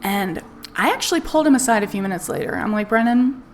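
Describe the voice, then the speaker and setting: A woman talking casually over a live stream, frank and loose, dropping swear words as she tells her story. Her voice sits at an ordinary middle pitch, and a soft music playlist plays faintly behind her. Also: very animated, fast. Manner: candid, swears freely, laughs while telling.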